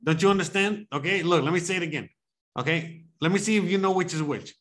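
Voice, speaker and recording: A man streaming a game, chatting casually with loud, crude joking and plenty of swearing. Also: sits high, quick pace. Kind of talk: casual gaming chat.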